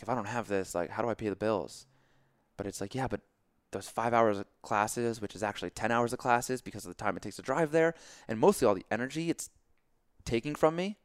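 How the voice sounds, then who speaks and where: In a casual podcast chat, a young male guest with a low, smooth voice tells a story animatedly, swearing freely and acting out his own reactions. The recording is dry and close.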